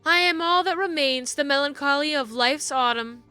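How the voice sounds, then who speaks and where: A woman voicing a gloomy female spirit of melancholy, reading game dialogue in a slow, solemn, low recitation. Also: pushed and bright, faint music behind. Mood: somber.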